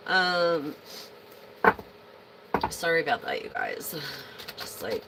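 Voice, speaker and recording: Casual tarot reader, woman, low gravelly voice, rambling and profane, hiss behind her. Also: huge pitch swings, takes it slowly, pauses often. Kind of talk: casual tarot reading stream.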